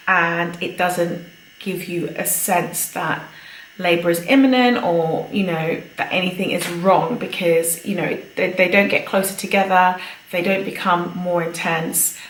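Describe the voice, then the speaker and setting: A woman's voice: fairly low pitch, vocal fry, a bit bright, echoey room, slight background noise, rough recording. A chatty woman giving a pregnancy update on her vlog, a little out of breath and laughing often. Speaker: vlogger.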